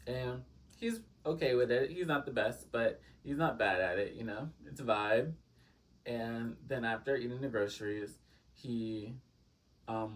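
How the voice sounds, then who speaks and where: A young man telling a casual, gossipy story time, full of "like" fillers and animated quoted exchanges. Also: mid-range voice, far from the mic.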